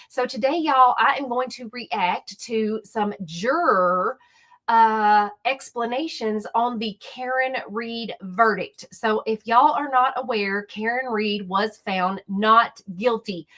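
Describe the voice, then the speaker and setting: A woman hosting a casual reaction commentary channel, chatty and talking straight to her viewers. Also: on the high side. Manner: chatty, animated, speaks directly to viewers. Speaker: YouTube commentary host.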